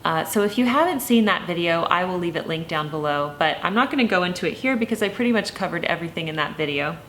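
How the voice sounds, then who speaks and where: A woman in her thirties talking casually to camera as a lifestyle vlogger, gentle and chatty with many ums and you-knows. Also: on the low side, lively intonation, quick pace, slight background noise. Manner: tearful, emotional, laughing through tears.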